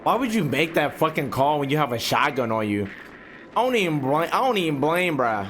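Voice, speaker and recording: A man streaming his reaction to a video, loud, profane and mocking. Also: on the high side, big pitch swings, brisk, slight background noise. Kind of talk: reaction commentary.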